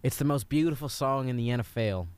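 A man's voice: mid-range voice, rapid-fire, smooth, dry recording, lightly acted. A man playing a brash football head coach in an improvised comedy sketch, giving a rambling pep talk with a slipping Southern drawl. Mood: blustering.

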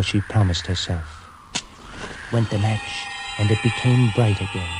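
A man telling a fairy tale in a gentle, dramatic storytelling reading with hushed pauses. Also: fairly low pitch. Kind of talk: scripted narration of a fairy tale. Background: music.

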